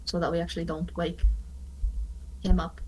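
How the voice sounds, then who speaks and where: A woman's voice: lowish voice, flat delivery, normal speed, a little mellow, slight background noise, poor audio. A woman playing a tabletop role-playing game in casual, eager chat. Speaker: player.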